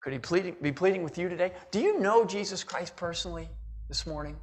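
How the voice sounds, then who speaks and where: High-voiced preacher man, fervent. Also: brisk. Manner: impassioned preaching with repeated "all right?" and "listen". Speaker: pastor. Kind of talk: sermon. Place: church.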